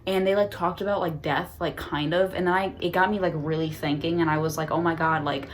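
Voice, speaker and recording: A woman's voice: on the low side, steady tone, a little fast. A woman in her twenties, a vlogger talking casually to her phone on a tripod at home, rambling with lots of "like" and sarcastic, profane asides. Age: 20s. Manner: chatty, frequent "like", sarcastic and profane. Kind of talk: casual rambling chat to camera.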